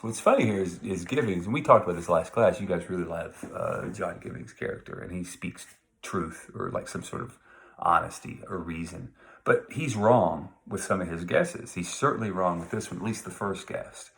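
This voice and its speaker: A male teacher walking his class through a novel in a relaxed, conversational lecture. His voice sits very low with a gravelly fry. He drifts into asides and reads passages out loud as he goes. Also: moderate pace. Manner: conversational, digressive, reads quotes aloud. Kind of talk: recorded literature lecture.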